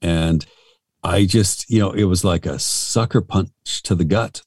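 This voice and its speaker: Very deep-voiced man, rambling. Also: unhurried, breathy edge, no room sound, studio quality. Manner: rambling, self-deprecating, frank. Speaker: voice actor. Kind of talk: casual interview talk.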